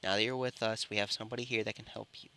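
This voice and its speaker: A man voicing a gentle young hero in a told fan story, calm and soft-spoken. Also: lowish voice, rapid-fire, creaky, clear, resonant tone. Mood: reassuring. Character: brave young hero boy, gentle and reassuring.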